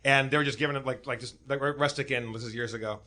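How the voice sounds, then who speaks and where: A man telling jokes and stories on a comedy podcast, halting with many fillers. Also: mid-range voice, steady tone, sharp tone. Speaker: comedian guest. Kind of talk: casual comedy podcast chat.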